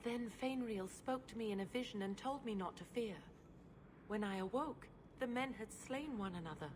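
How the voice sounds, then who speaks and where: A woman's voice: a little high, normal speed, close to an everyday voice. An actress voicing a dreamy, lovestruck young woman in a video game, with a theatrical romantic delivery. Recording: game audio with ambient noise.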